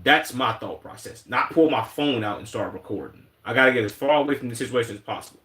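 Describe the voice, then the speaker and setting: Quick-paced and medium in pitch, this Chicago man in his twenties does animated, profane livestream commentary while reacting to videos. He slips into put-on voices to act out quotes, and the recording has a roomy echo.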